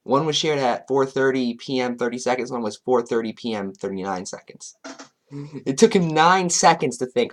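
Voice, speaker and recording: A man's voice: mid-range voice, moderate pace. A man doing a commentary vlog, reading chat logs aloud and breaking in with sarcastic, chuckling asides. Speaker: commentary YouTuber.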